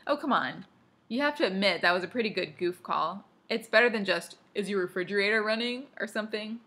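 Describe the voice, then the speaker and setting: A woman reading aloud, voicing a chatty teenage girl who is easily amused, in a slightly breathy voice. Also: mid-range voice, fairly quick, sharp tone.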